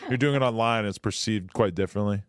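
Deep-voiced male podcast host. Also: quick pace, smooth, dry recording, studio quality. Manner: relaxed, probing questions, occasional swearing. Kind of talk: casual interview chat.

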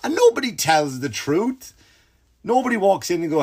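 A man's voice: sits high, big pitch swings, normal speed, darkish tone, slightly rough. A man hosting a podcast, telling rambling stories in a profane, exasperated way and mimicking the people in them. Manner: mimics other people in quoted bits. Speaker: podcast host. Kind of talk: casual comedic monologue.

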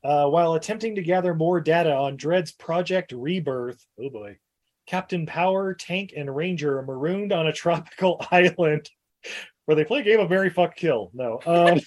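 A man's voice: on the high side, moderate pace. A man co-hosting a casual podcast chat, laughing often and joking crudely. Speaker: podcast co-host.

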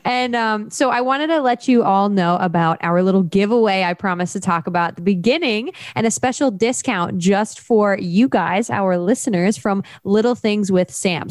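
A woman's voice: mid-range voice, no echo. Young woman co-host, casual and gushing, dry close sound. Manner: enthusiastic, gushing, frequent "like" fillers. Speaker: podcast co-host. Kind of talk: casual chat.

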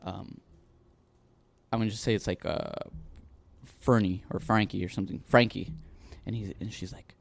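A man's voice: on the low side, fairly even intonation, normal speed, gravelly, long pauses, husky, dry recording. A man in his twenties co-hosting a podcast, telling stories in a laid-back way, chuckling and cursing freely. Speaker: podcast co-host. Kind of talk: casual chat.

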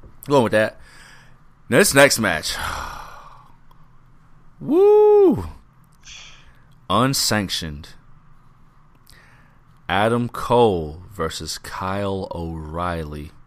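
Slow-talking laid-back podcast guy. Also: on the low side, wildly swooping pitch. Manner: laid-back, profane, drawn-out recaps. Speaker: podcast co-host. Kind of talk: casual wrestling chat.

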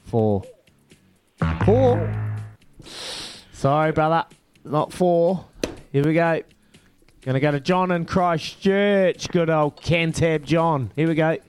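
A man's voice: a little high, unhurried, faint music behind. A man hosting a radio phone-in quiz, bantering matily with callers. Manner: upbeat, matey banter with callers. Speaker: radio breakfast host.

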